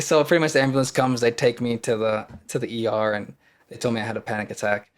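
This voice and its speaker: A man's voice: medium pitch, flat delivery, quick pace. Candid man rambling through personal stories. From Wisconsin. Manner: rambling, candid, acts out his past panic in quoted lines. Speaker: podcast guest, actor. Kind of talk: casual storytelling conversation.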